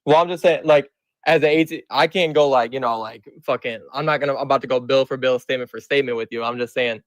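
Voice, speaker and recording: A man's voice: mid-range voice, steady tone, fast talker, no room sound. A young man of eighteen with a Michigan accent, calling into a stream to debate, casual and hesitant with lots of slang. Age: young adult.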